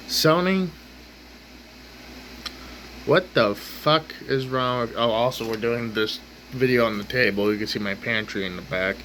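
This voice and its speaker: At his kitchen table at home, a man rants angrily to the camera like an exasperated vlogger, swearing and repeating himself. His voice is lowish and fairly bright, at a moderate pace, on a rough recording with a little hiss or hum.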